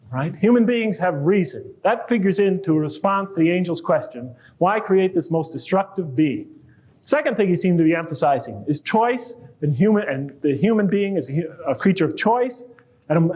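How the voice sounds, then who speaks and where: A middle-aged man speaks in a fairly high voice, giving a public lecture. He talks conversationally and jokes with the audience. He builds to animated emphasis on key points.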